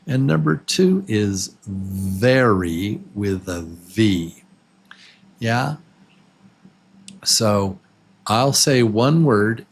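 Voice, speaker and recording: A man teaching English to absolute beginners, patiently repeating words slowly and counting syllables with the listener. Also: on the low side, husky. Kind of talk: slow, clearly spoken beginner English lesson.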